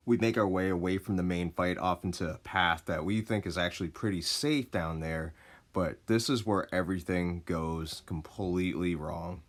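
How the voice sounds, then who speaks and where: A man casually telling a story, laid-back and expressive, with plenty of swearing. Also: deep voice, moderate pace.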